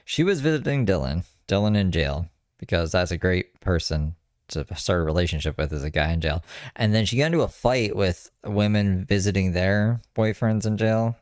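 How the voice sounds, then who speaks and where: A man's voice: sits low, lively intonation, normal speed, darkish tone, no echo, clean studio sound. A man giving casual, sarcastic running commentary over clips he is watching. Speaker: commentary streamer.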